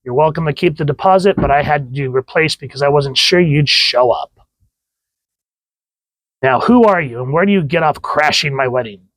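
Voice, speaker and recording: A resentful bride risen from the grave, as a man reads her lines from a comic. Her voice sits a little high, and the sound is dry and close. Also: moderate pace, fairly bright tone, no room sound, natural voice, poor audio. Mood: aggrieved. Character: bitter undead young bride.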